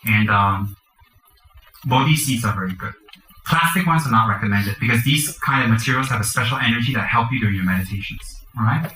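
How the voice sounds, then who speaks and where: A man's voice: medium pitch, expressive, brisk, bright, forceful tone, slight background noise. Man teaching mantra practice in echoey room. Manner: chants mantras and gives practical instructions, joking asides. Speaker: Buddhist teacher. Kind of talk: dharma teaching to a group.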